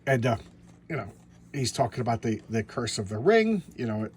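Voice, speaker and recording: A man's voice: mid-range voice, very animated, normal speed, darkish tone, slight background noise. A man giving casual show-and-tell commentary on a comic book. He rambles, stumbles over his words and restarts, and chuckles to himself along the way.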